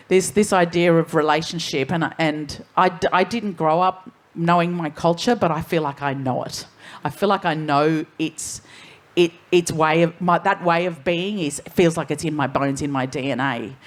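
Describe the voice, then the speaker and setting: An Australian woman speaking frankly on a festival panel, wandering through her points and swearing casually. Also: lowish voice. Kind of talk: candid panel talk.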